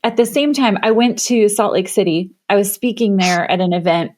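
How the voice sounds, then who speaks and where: A middle-aged woman from the Chicago area, a guest on an interview podcast, telling her story with animated, lively delivery and acting out the voices she quotes. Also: mid-range voice, moderate pace. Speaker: guest, women's leadership coach.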